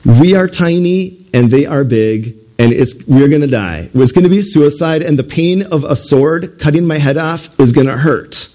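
A preacher voicing Gideon as a worried ancient general thinking aloud, in a casual modern way of talking. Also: male voice, a little high, expressive, moderate pace, few pauses, mellow, close to an everyday voice. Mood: fearful. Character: frightened ancient Israelite general, adult man.

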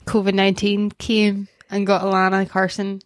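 A woman's voice: medium pitch, monotone, moderate pace, no room sound. Young woman, podcast co-host, chatty and self-mocking, dry close sound. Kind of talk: casual chat.

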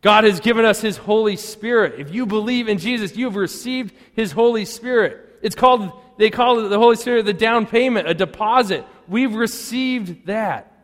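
A man preaching a sermon as pastor in a church, earnest, pausing often and dropping to a hushed voice on key phrases. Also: sits high. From United States. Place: church sanctuary. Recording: long hall reverb.

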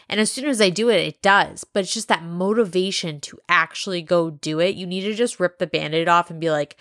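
A woman's voice: on the low side, brisk, hardly any pauses, a bit bright, dry recording, studio quality. Blunt, swearing woman podcaster. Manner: blunt, profane and rambling. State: high. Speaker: podcast host. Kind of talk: casual solo podcast monologue.

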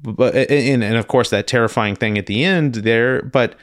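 A man hosting a personal storytelling podcast, talking in a halting, earnest way with many restarts and repeated words. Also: mid-range voice, no room sound, studio quality. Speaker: podcast host.

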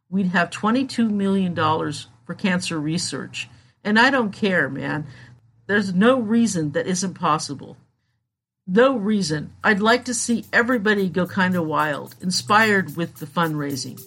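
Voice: medium pitch, animated, a little slow, a bit bright, husky, heavily acted. A narrator reading a determined young man with cancer. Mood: resolute.

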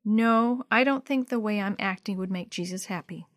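A woman voicing a thoughtful, sensitive young girl in a storybook, reading softly and earnestly. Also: medium pitch, normal speed, lightly acted.

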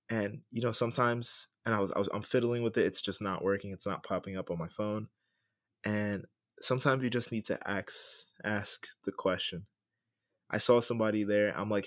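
Young guy podcasting solo, lowish voice, super casual storytelling, dry close sound. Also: steady tone, normal speed, dry recording. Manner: loose and conversational, often checks in with "right?". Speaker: podcast host.

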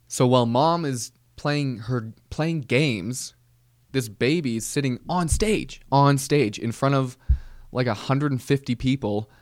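Rambling deadpan man, dry sound. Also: medium pitch, no room sound. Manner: deadpan, rambling with casual slang. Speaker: comedian and podcast host. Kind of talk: comedic monologue.

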